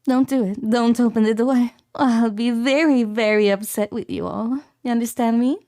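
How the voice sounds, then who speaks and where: A woman's voice: a little high, fairly even intonation, moderate pace, dark tone, dry recording, studio quality. A woman livestreaming from home, chatting casually with her viewers in a bubbly, giggly way, repeating greetings playfully.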